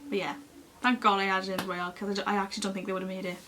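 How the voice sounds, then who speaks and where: A young woman, chatting casually to camera as she tells a long personal story in an expressive, lively way. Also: medium pitch, rapid-fire, noisy background. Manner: chatty and expressive, acting out other people's lines. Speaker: beauty vlogger.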